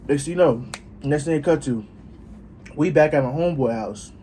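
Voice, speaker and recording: A young man casually telling a story in a vlog, profane and animated, acting out what people said. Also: fairly high pitch, moderate pace, a little hiss or hum. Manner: animated, profane, acts out dialogue. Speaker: vlogger.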